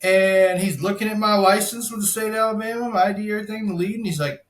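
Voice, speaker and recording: A young man with a high, bright voice tells a story on a podcast. He swears a lot, acts out each character, and sounds animated. The room is echoey. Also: fairly quick, hardly any pauses. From Florida. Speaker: podcast guest, insurance salesman. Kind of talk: casual storytelling.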